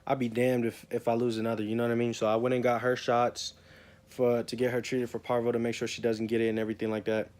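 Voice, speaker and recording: A man's voice: medium pitch, monotone, fast talker, darkish tone. A young man talks in a rambling, emotional way in a casual personal vlog. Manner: rambling, emotional, repeats himself. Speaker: vlogger.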